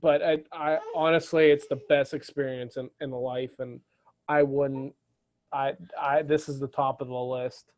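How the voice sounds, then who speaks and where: A man's voice: mid-range voice, flat delivery, a little slow, darkish tone. A young adult man chatting casually as a podcast guest, often restarting and repeating words. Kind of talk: casual chat.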